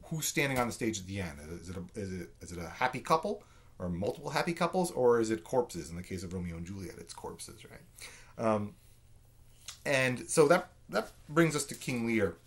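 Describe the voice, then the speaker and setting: A man's voice: lowish voice, sing-song, normal speed. A man giving a conversational literature lecture, full of fillers and "right?" check-ins. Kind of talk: recorded lecture.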